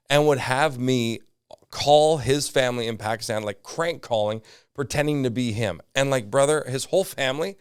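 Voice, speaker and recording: A man's voice: mid-range voice, moderate pace, clear, resonant tone, dry recording, studio quality. A Canadian man, a comedian and podcast guest, telling stories in a casual chat full of asides and fillers. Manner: animated storyteller, lots of fillers and asides.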